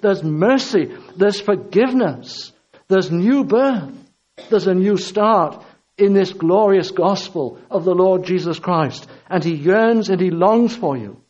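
Male preacher, high voice, fervent repeated refrains, dull lo-fi recording. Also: a little mellow. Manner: impassioned, repetitive emphatic preaching. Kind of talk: sermon.

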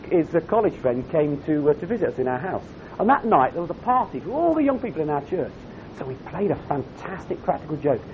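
At a camp, a man delivers an earnest, direct sermon, frequently putting questions to the listeners. It's captured in a dull, lo-fi recording with a faint rumble underneath.

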